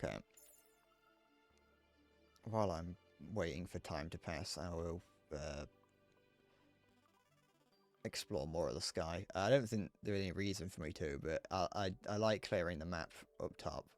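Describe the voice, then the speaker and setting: A man streaming a game, rambling and joking as he thinks out loud, often restarting his sentences. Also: low-pitched, measured pace, pauses often, faint music behind. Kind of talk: casual gameplay commentary.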